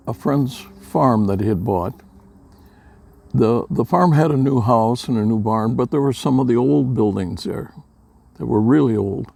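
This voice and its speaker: An older man from Minnesota, telling folksy personal stories in a plain-spoken, unhurried way, with a gravelly voice. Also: medium pitch, mellow. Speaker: storyteller. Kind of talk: casual personal storytelling.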